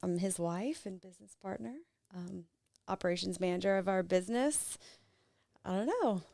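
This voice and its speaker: Low, gravelly woman. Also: normal speed, no echo, studio quality. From South Louisiana, USA. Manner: soft-spoken, trailing off, hesitant. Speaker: guest, business owner. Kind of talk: casual interview chat.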